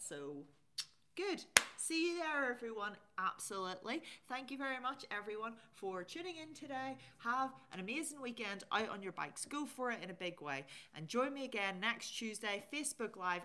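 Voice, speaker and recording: A woman's voice: mid-range voice, bright, forceful tone. A woman hosting a casual live stream, chatting and reading out viewer comments. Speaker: livestream host.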